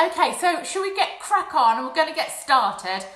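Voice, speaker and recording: A young woman hosts a children's craft session from home. Her voice is crisp and bright and sits a touch high. The room around her is bare and echoey. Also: big pitch swings, moderate pace. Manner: chatty, apologetic and bubbly, addressing children. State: out of breath. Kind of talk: live-streamed craft lesson for children. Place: home, indoors. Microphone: phone or webcam livestream.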